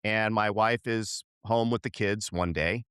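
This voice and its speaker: Middle-aged male podcast co-host, low-pitched, animated storyteller who acts out the lines of people in his story. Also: measured pace, clean tone, no room sound, studio quality. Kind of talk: casual storytelling chat.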